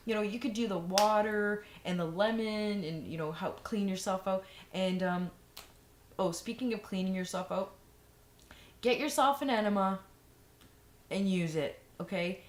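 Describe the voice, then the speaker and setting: A woman's voice: mid-range voice, moderate pace. Rambling woman vlogger, echoey room. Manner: rambling, many fillers and restarts, frank. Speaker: vlogger giving vegan advice. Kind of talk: casual advice monologue. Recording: echoey room, faint noise.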